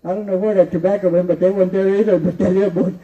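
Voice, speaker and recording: Speaking rapid-fire in a high-pitched, dark voice with little pitch movement, a man spins a rambling oral story, repeating himself and chuckling often. The lo-fi recording sounds distant and dull.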